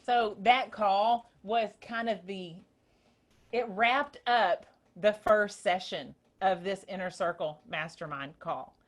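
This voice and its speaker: A woman hosting a casual group call, telling a story in an excited, rambling way. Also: mid-range voice, takes it slowly. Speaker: host. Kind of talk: casual chat.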